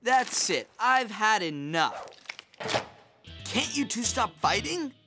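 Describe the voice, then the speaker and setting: A woman's voice: fairly high pitch, very animated, takes it slowly, over music. A woman voicing a mild teenage boy. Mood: fed up. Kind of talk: cartoon voice acting.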